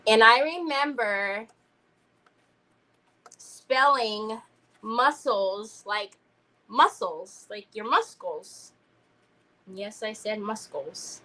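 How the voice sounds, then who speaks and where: A woman's voice: fairly high pitch, very slow, long pauses, pushed and bright, rough recording. A woman, chatting casually and rambling through a story while she crafts on a livestream. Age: 50s. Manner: chatty, rambling, addresses viewers as y'all.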